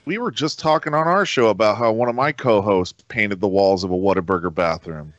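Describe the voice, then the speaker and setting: A man's voice: lowish voice, fairly quick, fairly bright tone, dry recording. Chatty guest man on a dull line. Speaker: guest podcast host. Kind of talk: casual chat.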